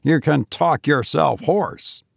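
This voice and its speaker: A man's voice: slow pace, creaky, no room sound, studio quality, full character voice. A man voicing a stern, short-tempered man who speaks bluntly and with restraint. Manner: blunt, curt, low and restrained.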